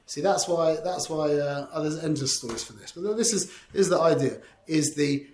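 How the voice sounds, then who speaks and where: Animated man teaching in an echoey room. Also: a little high, normal speed. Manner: animated, many restarts and rhetorical questions. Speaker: Torah teacher. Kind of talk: informal Torah class.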